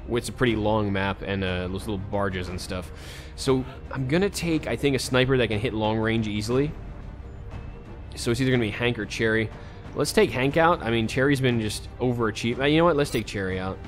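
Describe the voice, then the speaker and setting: A man recording casual gameplay commentary as a let's play host, talking to himself and breaking into frustrated outbursts. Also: medium pitch. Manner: talks to himself, swings into sudden frustrated outbursts.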